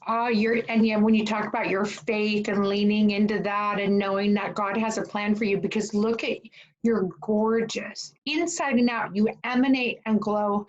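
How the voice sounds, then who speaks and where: A woman's voice: mid-range voice, flat delivery, normal speed, lo-fi sound. A woman interviewing a guest over a video call, effusive and affirming, asking questions in a rambling way. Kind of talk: supportive interview talk.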